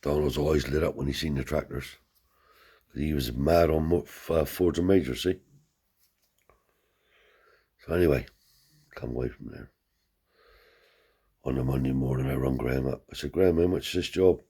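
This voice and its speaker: A deep, husky man spins a long, rambling yarn full of swearing. His voice is low and warm, and it jumps higher whenever he acts out what someone else said. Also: moderate pace, long pauses. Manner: rambling, profane, lifts his voice to act out quoted people. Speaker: storyteller. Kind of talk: casual anecdote telling.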